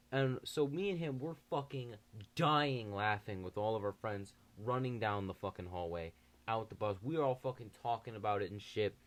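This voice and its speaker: Young dude, lowish voice, swearing constantly, telling a school story. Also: male voice, normal speed. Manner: profane, animated storytelling. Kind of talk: casual storytime.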